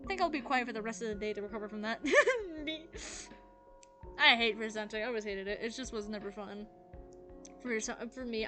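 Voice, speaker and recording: Let's play host, woman, casual reader, slightly high voice, game music behind. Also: fairly bright tone. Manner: casual, with fillers and restarts. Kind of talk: reading a visual novel aloud with commentary.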